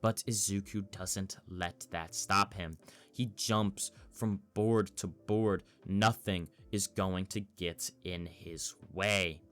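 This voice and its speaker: A man narrating a fan story in a measured storytelling manner. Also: low-pitched, steady tone, a bit bright, faint music behind.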